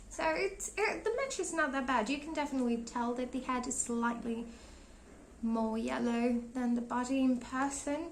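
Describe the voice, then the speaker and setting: A young doll collector vlogger who is losing her voice speaks a little high with vocal fry, in a low-quality recording with a bit of hiss or hum. She rambles casually while showing off her collection, often searching for names and laughing.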